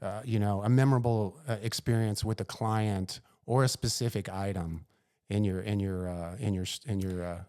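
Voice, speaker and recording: A man hosting a podcast, asking casual questions haltingly with frequent restarts and affirming murmurs. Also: lowish voice, fairly even intonation, darkish tone, clear, resonant tone. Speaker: podcast host.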